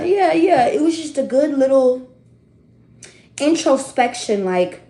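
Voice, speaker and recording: A woman in her twenties telling a story casually to her viewers, animated and slangy, swinging between loud outbursts and hushed asides. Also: medium pitch, echoey room. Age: 20s. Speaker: tarot reader and streamer.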